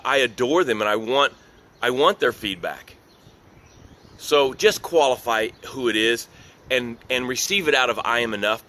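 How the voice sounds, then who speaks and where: A middle-aged man gives a motivational business talk, earnest and emphatic, and circles back to the same phrases again and again. His voice is bright and forceful, pitched in the ordinary middle range for a man. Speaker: business coach.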